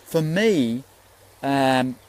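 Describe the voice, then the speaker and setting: A man's voice: mid-range voice, lively intonation, extremely slow, a little mellow, low-quality recording. A man, a spiritual teacher giving an earnest, rambling Facebook Live talk and swearing freely.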